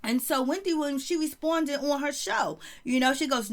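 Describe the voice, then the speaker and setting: A woman's voice: high voice, normal speed, hardly any pauses. A woman giving casual, sassy celebrity gossip commentary, chatty and calling listeners "baby". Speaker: commentary vlogger.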